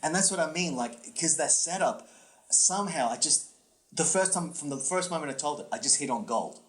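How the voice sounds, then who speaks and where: A man co-hosting a comedy podcast, telling a long story with swooping pitch, many fillers and restarts. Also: lively intonation, brisk, fairly bright tone. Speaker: podcast co-host and comedy workshop instructor. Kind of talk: casual podcast chat, storytelling.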